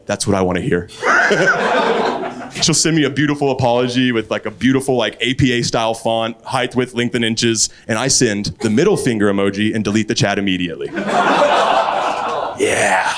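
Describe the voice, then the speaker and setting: A man doing a stand-up set on a club stage, springing into loud acted quotes. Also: normal speed, very noisy. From Texas. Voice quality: animated, jumps high into acted quotes. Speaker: stand-up comedian. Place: comedy club stage, laughing crowd. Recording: live club with loud crowd laughter.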